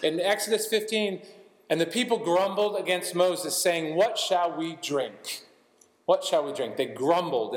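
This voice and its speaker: A man's voice: sits high, echoey room, big-room sound, poor audio. A man preaching a sermon, walking through scripture passages and adding light asides as he reads. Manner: expository, reading scripture aloud with asides. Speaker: pastor.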